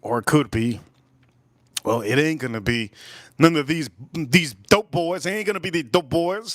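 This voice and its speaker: A man hosting a casual live stream, reading out chat messages and giving shout-outs, repeating his phrases and swinging between loud bursts and low mutters. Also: normal speed, no echo. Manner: animated, reads out chat and gives shout-outs.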